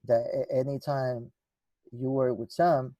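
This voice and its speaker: A man recounts old memories in an easy, rambling way, stopping and restarting mid-thought and acting out what others said. His voice is mellow and dark. The sound is close and dry, with no room around it. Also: medium pitch, steady tone, measured pace, no room sound, dull audio. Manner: rambling, many restarts, acts out dialogue. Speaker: guest musician. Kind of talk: conversational storytelling.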